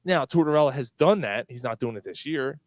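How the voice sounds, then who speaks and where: A man's voice: mid-range voice, fairly quick, no room sound. A man co-hosting a casual sports podcast, talking bluntly and with plenty of swearing. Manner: blunt, animated, swears freely. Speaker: podcast co-host.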